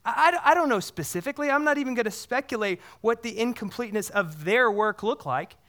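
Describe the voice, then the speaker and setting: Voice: medium pitch, lively intonation, brisk, fairly bright tone. A pastor preaching a sermon, earnest, often asking the congregation questions and repeating words for emphasis.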